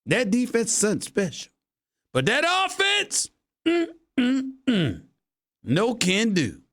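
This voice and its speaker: A man doing a teasing Southern cowboy caricature, drawling in a put-on Southern accent. The voice swings high and loud in a bright, forceful sing-song. It sounds like a boastful cowboy fan being mocked on the air. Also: wildly swooping pitch, slow, heavily acted. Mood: mocking. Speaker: host.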